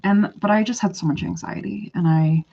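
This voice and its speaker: A young woman from western Canada telling a long personal story in a casual vlog, chatty and animated, acting out what people said. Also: mid-range voice, normal speed, gravelly. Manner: animated, chatty, full of "like" and quoted dialogue. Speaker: vlogger. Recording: dull lo-fi recording.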